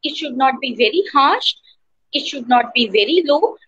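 A woman's voice: high voice, animated, moderate pace, a bit bright, breathy edge, no room sound. A woman teacher with an Indian English accent, lecturing an online class and explaining step by step, with frequent fillers and tag questions. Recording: slightly dull, dry sound.

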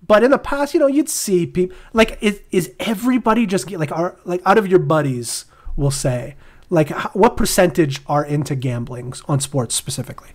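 A Canadian man co-hosting a podcast in a loose, rambling chat. His voice sits a little higher than most men's, and he laughs easily as he talks. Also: animated, moderate pace. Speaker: podcast co-host. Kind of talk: casual chat.

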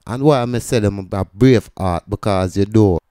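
A man's voice: on the low side, normal speed, warm tone, clean tone, dry recording, clean studio sound. A man with a Jamaican accent, hosting a commentary channel and explaining a news story in a conversational, patois-laced way.

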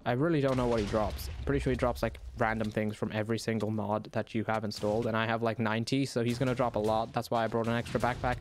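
A young man giving excited, profanity-laced commentary while he plays a video game and taunts the enemy out loud. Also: mid-range voice. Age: young adult. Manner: excitable, swears, talks to the enemy. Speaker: gaming YouTuber. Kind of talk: live gameplay commentary. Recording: noisy game sound under voice.

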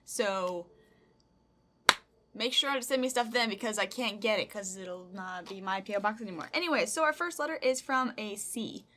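A young woman chatting in a casual vlog, bubbly and excitable, her voice jumping high and getting teary as she opens fan mail. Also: normal speed, heavy background noise. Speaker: YouTuber. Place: home room with packages.

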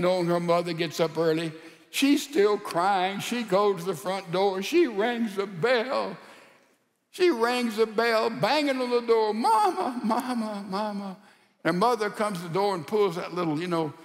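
A male pastor preaching a sermon in a folksy, animated storytelling style with rhetorical asides. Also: high-pitched, big-room sound.

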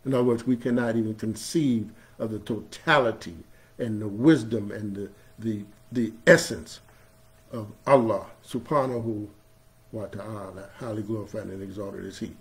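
A male imam giving a sermon, preaching emphatically, growing loud on key phrases and chanting scripture. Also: fairly low pitch, fairly even intonation, normal speed. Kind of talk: Friday sermon. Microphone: streamed live online.

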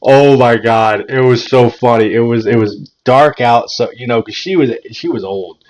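A man's voice: medium pitch, normal speed, a little mellow, a little hiss or hum. A man hosting his own channel and telling a story in a laid-back way, chuckling and repeating words as he goes. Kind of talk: casual story time vlog. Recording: dull lo-fi recording.

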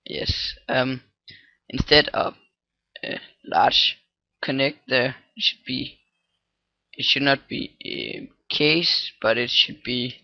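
Tutorial guy, very slow and gravelly, muttering through fillers and restarts, dull dry cheap-mic sound. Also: dry recording. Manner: halting, thinks aloud, many fillers and restarts. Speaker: scripting tutorial maker. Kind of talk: casual screen-recorded coding tutorial. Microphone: cheap computer microphone. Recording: dull, low-quality microphone.

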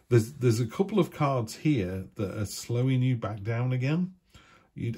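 A man gives a casual tarot reading in a husky, slightly low voice. His tone is mellow and unhurried, and he rambles chattily from card to card with little asides. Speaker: tarot reader.

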